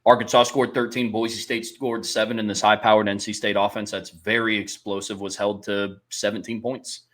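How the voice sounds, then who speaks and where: A man co-hosting a sports podcast thinks aloud, weighing both sides of the question in casual talk. His voice sits a little low but has a bright, forward edge, and his speech is full of small restarts. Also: flat delivery, normal speed. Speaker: podcast co-host.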